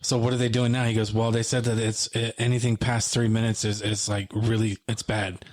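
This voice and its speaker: Male podcast co-host, low and monotone, narrates a tense memory through quoted dialogue. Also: a little fast. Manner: retells events by acting out quoted phone dialogue. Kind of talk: emotional storytelling in casual conversation.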